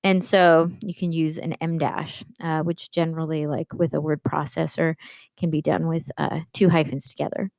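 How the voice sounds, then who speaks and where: Brief: female English teacher, patient explainer, low-pitched and resonant, dry close sound. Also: little pitch movement, moderate pace, gravelly, darkish tone, no echo. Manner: patient, explanatory, with frequent fillers. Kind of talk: classroom lecture.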